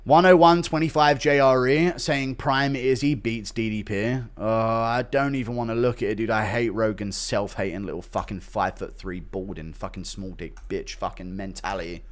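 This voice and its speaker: A man's voice: lowish voice, moderate pace, few pauses. A man hosting a livestream, reading chat donations and ranting with heavy swearing. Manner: profane, ranting, animated. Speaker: livestream host.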